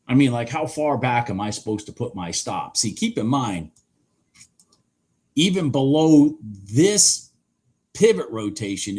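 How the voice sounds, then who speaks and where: A man's voice: on the low side, a little mellow, slightly rough. A man giving live trading commentary on a stream, exasperated, swearing and talking straight at the chart. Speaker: livestream day trader.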